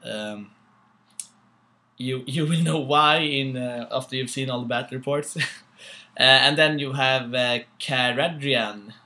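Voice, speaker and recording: Young Swedish guy with a Swedish accent and a bright voice, stop-start tabletop commentary. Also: medium pitch, steady tone. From Sweden. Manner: halting, many fillers, laughs at own jokes. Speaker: co-host. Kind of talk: casual battle report commentary.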